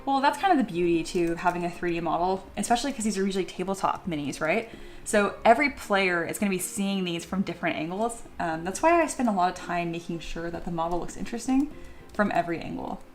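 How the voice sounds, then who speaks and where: Relaxed woman narrating her sculpting. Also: fairly low pitch, quick pace. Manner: relaxed, thinking aloud with fillers. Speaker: 3D modeling creator. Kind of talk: casual tutorial commentary while sculpting.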